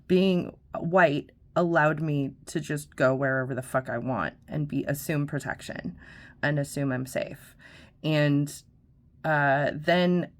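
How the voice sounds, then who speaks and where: A middle-aged woman vlogger host tells a story in a low, slow voice. Her delivery is casual, chatty and profane, full of fillers and laughter.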